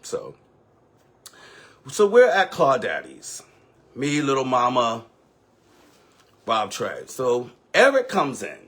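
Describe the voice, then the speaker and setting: Husky, slow-talking ballroom mother on a live. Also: medium pitch, wildly swooping pitch, a bit bright. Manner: candid, sassy, profane, dramatic. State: emotional. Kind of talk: emotional live-stream storytelling.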